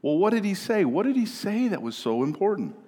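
Preacher from Minnesota in a reverberant hall. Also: male voice, sits high, sing-song, a little fast. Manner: conversational, asks "right?" often, swings between quiet and loud. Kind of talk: sermon. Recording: long reverb of a large room.

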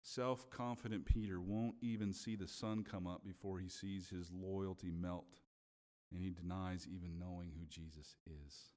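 A man's voice: low voice, steady tone, unhurried, dark tone. A man preaching a sermon in a conversational way, often checking in with his listeners. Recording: long hall reverb.

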